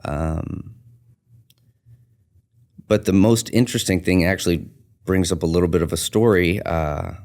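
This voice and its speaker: A tattoo artist who owns his shop tells an earnest story in a casual podcast interview, animatedly acting out the dialogue. His voice sits low and unhurried, broken by long pauses.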